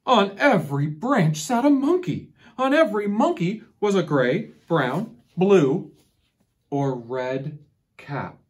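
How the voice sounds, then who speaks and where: Reading a picture book to kids, a woman with a lowish voice takes an expressive, deliberate approach. When she's done, she quizzes the listeners about the story's lesson.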